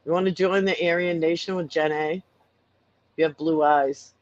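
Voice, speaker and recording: A man with a Massachusetts accent and a fairly high voice chats away, laughing easily as he talks. The sound is dull and lo-fi. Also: steady tone, over a noisy crowd. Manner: chatty, quick to laugh. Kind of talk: casual banter.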